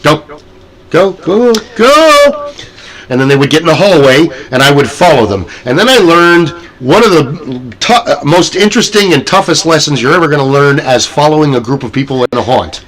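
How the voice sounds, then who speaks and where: A man telling haunted house stories in a casual podcast chat, lively, often jumping into loud acted character voices. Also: on the high side, fairly quick, few pauses, low-quality recording. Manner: animated, acts out scenes with sudden loud character voices.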